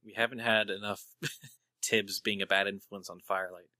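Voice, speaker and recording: A man running a tabletop game over voice chat as game master, relaxed and quick to laugh. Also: lowish voice, no echo.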